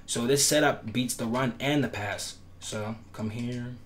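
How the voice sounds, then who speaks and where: In a slightly slow, mid-range voice, a man who makes gaming tutorials goes over defensive setups in a relaxed, instructive way, repeating points and making emphatic promises. His voice cracks now and then, and there's a little hiss or hum in the audio.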